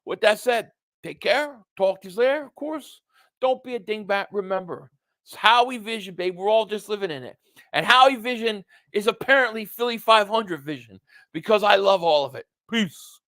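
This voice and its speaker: A young man hosting a casual livestream, excitable and rambling, with lots of fillers. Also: high-pitched, normal speed, dry recording. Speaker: sports streamer.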